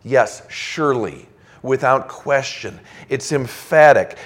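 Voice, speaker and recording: A man's voice: medium pitch, lively intonation, unhurried. A male pastor preaching a sermon, reading scripture aloud in an emphatic, conversational way.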